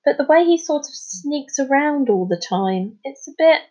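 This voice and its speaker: A woman's voice: high-pitched, animated, normal speed, darkish tone, pitched above the performer's own voice. A woman reading aloud as a worried, chatty young girl who gushes and frets. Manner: worried, gushing. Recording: slightly muffled recording.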